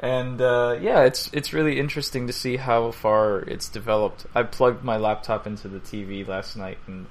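A man's voice: mid-range voice, fairly even intonation, normal speed, few pauses. Rambling, joking male podcast co-host. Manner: joking, rambling, frequent fillers and restarts. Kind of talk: casual podcast banter. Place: indoor room, recorded in person with co-host.

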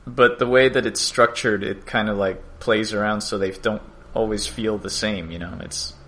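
A man's voice: on the low side, steady tone, moderate pace, a bit bright. A man co-hosting a casual podcast, chatting about game design and laughing often. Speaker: podcast co-host.

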